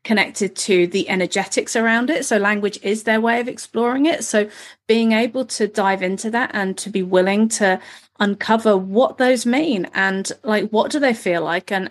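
A woman in her forties in casual conversation, rambling and earnest, dropping a swear now and then. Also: mid-range voice.

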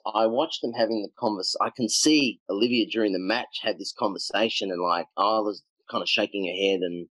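A middle-aged man talks through coaching anecdotes as a podcast guest. His voice sits low, and the sound is close and dry. He rambles a little and fills his pauses with ums. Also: no echo, dull audio. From Australia. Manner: animated anecdotes with acted quotes, frequent ums. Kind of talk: conversational storytelling.

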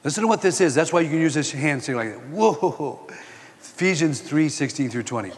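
An older man giving a sermon-style talk, telling personal stories and quoting scripture in an animated way. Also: fairly high pitch, a little fast, big-room sound. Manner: animated storytelling, quoting scripture and acting out exchanges. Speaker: Christian speaker.

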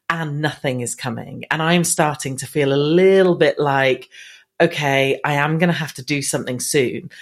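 A woman with an English accent, a podcast guest telling her story in a chatty, self-deprecating way. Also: lowish voice. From England. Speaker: guest, marketing business owner. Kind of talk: podcast interview.

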